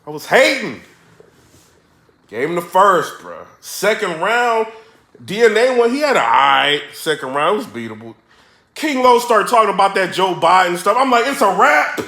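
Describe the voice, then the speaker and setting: Hyped man yelling in an echoey room. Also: sits high, sing-song, normal speed. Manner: hyped, yelling and repeating himself. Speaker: battle rap reaction vlogger. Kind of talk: excitable reaction commentary.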